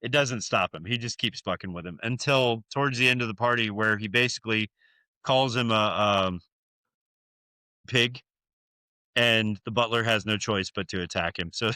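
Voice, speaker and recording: A man's voice: on the low side, moderate pace, bright, forceful tone, dry recording. A man co-hosting a podcast, casually retelling a horror film with lots of fillers and swearing. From United States. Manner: loose, profane storytelling with many fillers. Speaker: podcast co-host. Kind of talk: casual movie recap chat.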